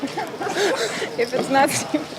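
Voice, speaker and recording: A woman interviewing players at an event, bubbly and quick to laugh. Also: high-pitched, lively intonation, loud music behind the voice. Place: busy casino tournament room. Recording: loud crowd noise behind.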